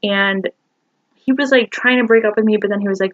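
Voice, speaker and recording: A woman's voice: mid-range voice, fairly even intonation, fairly quick, no room sound. A woman in her twenties telling a painful personal story to camera, rambling and emotional, filling her talk with "like" and "you know.". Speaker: vlogger. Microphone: phone. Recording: dull lo-fi phone recording.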